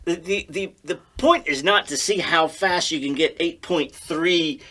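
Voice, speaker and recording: Bright, playful male podcast co-host. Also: a little high, unhurried. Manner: playful, joking, chuckles a lot. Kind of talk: casual beer review chat.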